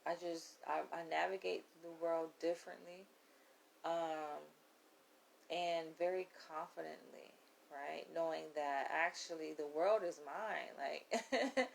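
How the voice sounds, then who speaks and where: Lady vlogger chatting from her bed, gravelly low voice, sure of herself. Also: fairly even intonation, slow, poor audio. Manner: candid, self-assured storytelling with frequent laughs. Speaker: vlogger, channel host. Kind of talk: casual confessional chat to camera. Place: bedroom.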